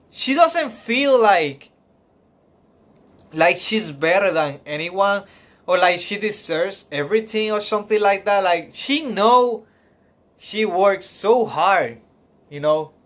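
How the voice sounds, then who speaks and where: A man's voice: high-pitched, fairly bright tone. Emotional man gushing on a stream. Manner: emotional, gushing, close to tears; halting, filler-heavy speech with sighs and laughs. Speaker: reaction streamer. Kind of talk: live stream reaction.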